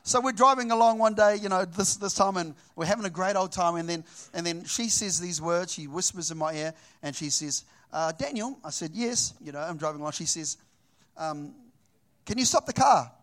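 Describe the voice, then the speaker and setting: A middle-aged New Zealand man preaches, telling a personal story with lively delivery and performing both sides of the conversation. His voice is high and he speaks fairly quickly.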